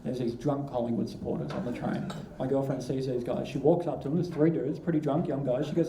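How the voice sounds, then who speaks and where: A man's voice: medium pitch, steady tone, a little fast, mellow. An Australian man doing a stand-up comedy set, crude and rambling as he tells self-mocking stories on a club stage. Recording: echoey club with crowd laughter. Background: audience laughing.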